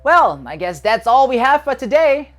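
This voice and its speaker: Lively woman telling a children's story. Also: high voice, normal speed. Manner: animated and expressive, with shouted sound effects. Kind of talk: children's Bible story narration.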